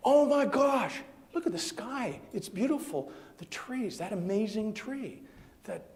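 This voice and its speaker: A man's voice: a little high, very animated, moderate pace, a little mellow. A man plays a flustered Adam, the first man, caught off guard in a sermon's storytelling. He blurts short, startled lines in a raised voice. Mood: amazed.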